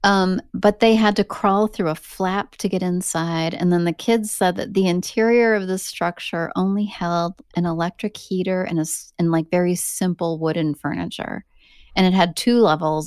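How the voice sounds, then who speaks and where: A woman hosting a podcast, telling an eerie story in a casual, animated way with laughing asides. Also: on the low side, clean tone, no echo, clean studio sound. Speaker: podcast host.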